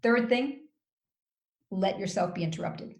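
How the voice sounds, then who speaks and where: A woman communication coach explains her advice in a measured, instructive manner. Her voice sits at a middle pitch and carries the reverb of a roomy space. She often slows down to act out calm example phrases. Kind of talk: interview, giving advice. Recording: roomy echo.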